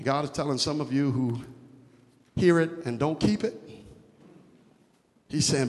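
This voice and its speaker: A man preaching a sermon, moving between hushed teaching and shouted, rhythmic exhortation with call-and-response refrains. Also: on the high side, measured pace, long pauses, big-room sound.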